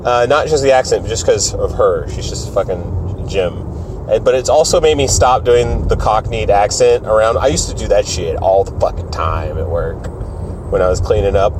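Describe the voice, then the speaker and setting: Over a noisy background, a man with a lowish voice at normal speed hosts a solo podcast. He rambles casually, swears a lot, and pokes fun at himself.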